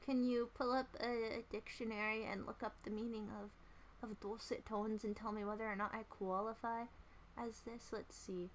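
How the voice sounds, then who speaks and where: A woman's voice: a little high, fairly even intonation, moderate pace, slight background noise. A woman hosting a livestream, rambling in casual chat with her viewers in a playful, self-mocking way. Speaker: livestream host.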